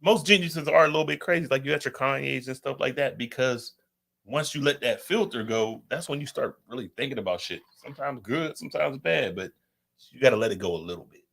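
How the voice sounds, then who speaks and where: A man's voice: medium pitch, brisk, creaky, fairly bright tone. Profane, preachy man on a podcast. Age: adult with children. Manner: loose, preachy, profane, talks to viewers. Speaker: podcast co-host. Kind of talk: casual podcast chat.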